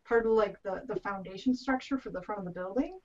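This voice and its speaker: A woman on a podcast telling a quick, chatty story in casual conversation. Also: mid-range voice, a loud crowd. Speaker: podcast guest. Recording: muffled lo-fi audio, off-mic.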